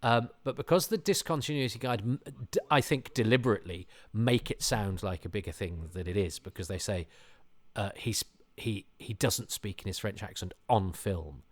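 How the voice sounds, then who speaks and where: Rambling man, lowish voice. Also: moderate pace. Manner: rambling, self-deprecating, animated asides. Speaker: podcast host. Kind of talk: casual commentary.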